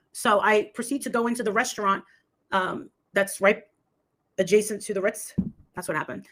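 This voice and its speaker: A woman tells a long, rambling story in casual chat. She breaks into quoted voices of the people involved as she goes, with a pitch that sits in the middle for a woman. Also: a bit bright. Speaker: livestream host telling a story.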